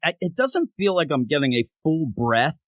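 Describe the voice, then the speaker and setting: A man's voice: a little high, big pitch swings, moderate pace, dry recording. A man hosting a casual comic book podcast, joking and rambling while sick and short of breath. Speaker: podcast host.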